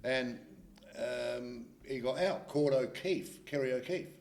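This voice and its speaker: A man's voice: medium pitch, slow pace, a little mellow. An Australian man co-hosting a sports chat show, teasing his guest in jokey banter. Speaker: co-host, former cricketer. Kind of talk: casual chat. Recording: roomy echo.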